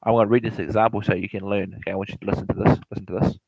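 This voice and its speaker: A man with a lowish, slightly mellow, husky voice and vocal fry rattles off property investment advice at rapid speed with a steady tone. He rambles like an informal lecture, repeating himself, correcting himself often, and addressing the listener directly. The recording is dry and low quality.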